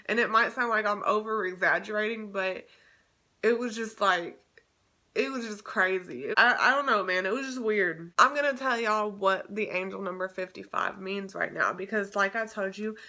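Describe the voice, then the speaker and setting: Bright-voiced young woman vlogging. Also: medium pitch, moderate pace. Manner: chatty and emotional, many fillers and restarts. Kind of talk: casual storytime vlog.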